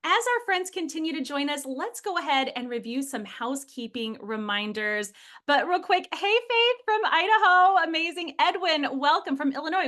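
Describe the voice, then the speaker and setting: A woman's voice: sits high, pushed and bright. A woman from Michigan hosting a live webinar over a video call, bubbly and enthusiastic, greeting attendees by name. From Michigan, USA. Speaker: webinar host.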